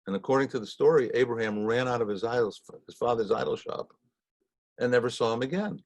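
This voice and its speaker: A man leading a Torah study, telling stories in a folksy, conversational way with frequent pauses. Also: mid-range voice, a little mellow, no room sound. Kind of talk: storytelling talk.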